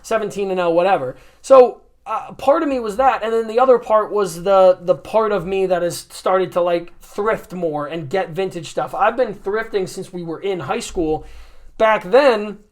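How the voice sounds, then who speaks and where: A young man in his twenties talks on a podcast with a fairly high voice. He rambles in a casual, animated way, swearing freely and slipping into quoted voices as he tells stories. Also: normal speed. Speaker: podcast host.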